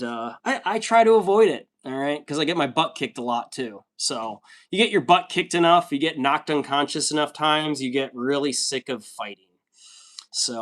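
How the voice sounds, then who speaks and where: A man's voice: medium pitch, a bit bright. A man in his thirties from the United States, chatting casually on a livestream and reading viewer comments aloud with a laid-back, joking manner.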